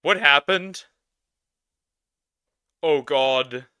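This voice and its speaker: Bright, rambling male reaction host. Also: a little high, very slow, clean tone, dry recording, studio quality. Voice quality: rambling, self-interrupting, laughs often. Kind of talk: casual reaction commentary.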